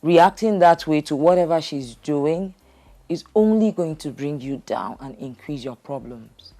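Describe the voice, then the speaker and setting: A woman hosting a counseling show, calm, measured and soothing. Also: low voice. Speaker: relationship counselor host.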